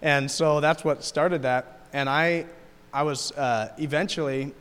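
A man's voice: on the high side, steady tone, measured pace, a bit bright, smooth. A man recounting a trip to a group in a casual, rambling way with many restarts and laughs. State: tearful. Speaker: mission trip member. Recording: long hall reverb.

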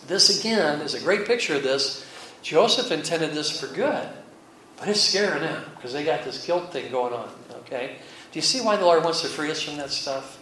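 A man's voice: fairly high pitch, fairly bright tone. A man preaching a conversational Bible lesson, folksy and chuckling, who keeps checking in with his listeners. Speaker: pastor. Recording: very echoey hall, mic far off, faint hiss.

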